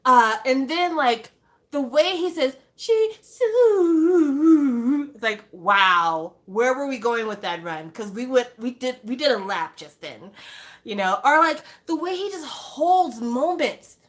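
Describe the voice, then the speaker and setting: A young woman in a casual fan monologue speaks in a voice sitting a little high, at a measured pace. She's an animated, exclaiming fan vlogger who keeps firing off rhetorical questions.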